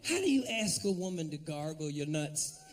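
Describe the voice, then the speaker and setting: A man doing a profane, animated stand-up routine, talking straight to the crowd at a comedy club. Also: on the high side, moderate pace, far from the mic, a little hiss or hum.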